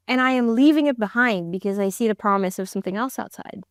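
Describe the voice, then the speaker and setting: A woman's voice: fairly quick, no echo, clean studio sound. A woman guest and startup founder telling a personal story in an interview, acting out quoted dialogue with big leaps in her voice. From immigrated to the United States. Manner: animated, acts out quoted dialogue with big pitch jumps.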